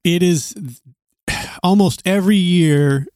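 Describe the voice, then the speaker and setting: Slightly high, chatty podcast host man. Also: dark tone, clear, resonant tone, no echo, studio quality. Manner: reactive, quick interjections and laughter. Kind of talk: casual podcast chat.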